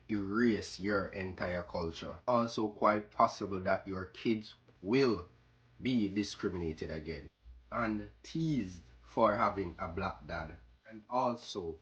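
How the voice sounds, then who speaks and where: A man giving casual commentary in reply to a clip, measured and argumentative. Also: lowish voice, fairly bright tone. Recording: dull lo-fi audio.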